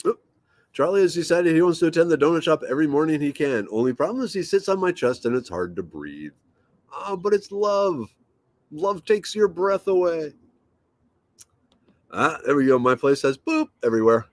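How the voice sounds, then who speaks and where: A man's voice: a little high, animated, fast talker, no echo. A man hosting a casual livestream, reading viewer comments aloud and rambling easily from home. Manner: rambling, easygoing, thinks aloud with fillers. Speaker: livestream host.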